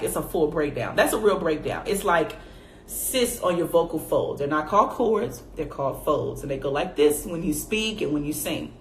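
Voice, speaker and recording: A woman in her twenties telling a personal faith story straight to her viewers, calling them y'all and acting out her own past reactions in a high voice. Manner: addresses viewers directly as y'all. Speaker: faith vlogger. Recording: echoey room with faint background noise.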